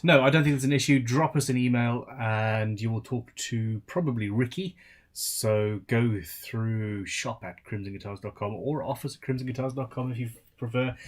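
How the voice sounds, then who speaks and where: A man's voice: on the low side, slightly rough. A tired man, hosting a casual live-stream Q&A as a luthier, chatty and rambling with self-deprecating asides.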